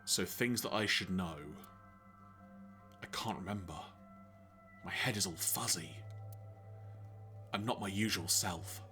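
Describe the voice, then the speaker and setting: A man's voice: low-pitched, sharp tone, soft background music. Man reading as a bewildered detective. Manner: bewildered, halting. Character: confused male detective waking in a dream. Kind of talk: reading game dialogue aloud.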